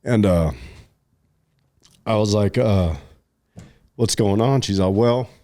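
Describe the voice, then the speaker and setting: A man's voice: on the low side, takes it slowly, mellow, dry recording, clean studio sound. A middle-aged man telling a personal story in casual podcast chat, rambling with many fillers and restarts, sometimes choked up. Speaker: podcast co-host.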